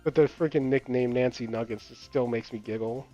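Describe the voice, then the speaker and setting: A man's voice: mid-range voice, fairly even intonation, moderate pace, mellow. A young man chatting casually while playing a game, rambling with lots of fillers, swearing and laughing as he tells stories. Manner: rambling, filler-heavy, profane, laughing storyteller. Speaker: gaming channel host. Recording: dull lo-fi mic, dry, game music behind.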